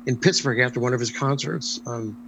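An older man, a former stage performer, telling a lively anecdote in an interview with frequent ums and restarts. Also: medium pitch, a little fast, vocal fry, a little hiss or hum, rough recording. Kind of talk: storytelling anecdote in conversation.

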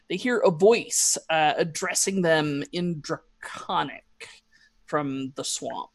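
A woman's voice: deep voice, slow. A woman running a tabletop role-playing game as game master, narrating scenes and voicing characters in a chatty way. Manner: chatty, laughs often, voices characters.

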